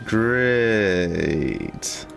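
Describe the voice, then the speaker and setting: Dry, sardonic young swordswoman read by a man, lively pitch. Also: very slow, vocal fry, soft background music, exaggerated voice. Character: young female sword-fighter heroine, dry and tough.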